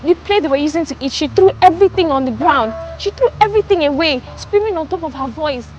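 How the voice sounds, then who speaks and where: A woman's voice: high-pitched, expressive, fast talker, darkish tone, highs cut off, a little hiss or hum. An actress with a Nigerian accent playing a young student who pleads for help for her brother, talking earnestly. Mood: pleading. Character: young woman student, worried sister. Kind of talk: film drama acting.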